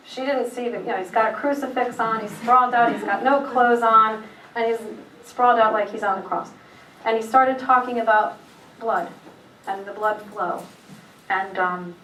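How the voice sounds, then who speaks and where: A woman's voice: medium pitch, a bit bright, distant mic, slight background noise. Woman telling a story in an echoey room. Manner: rambling, halting with fillers and restarts. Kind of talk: personal testimony, casual retelling.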